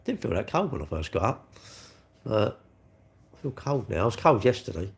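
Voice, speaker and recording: Man, 60s, live-stream chat, rambling, blunt, lively pitch. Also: moderate pace, gravelly.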